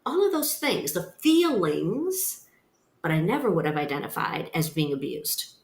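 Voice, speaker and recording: A woman's voice: fairly low pitch, very animated, a little slow. A woman sharing her personal story as a podcast guest, speaking in an earnest, emphatic way. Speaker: guest, nonprofit founder. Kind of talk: personal testimony in a podcast interview. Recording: roomy echo.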